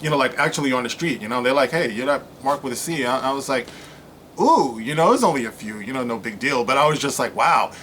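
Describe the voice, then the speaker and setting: A man talks casually to his channel, wandering from thought to thought and padding his sentences with "you know". His voice sits on the higher side, and he swings into mocking, animated sarcasm. There is a faint hum of background noise. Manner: rambling, heavy on "you know" fillers. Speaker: YouTube commentator. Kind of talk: casual rambling commentary.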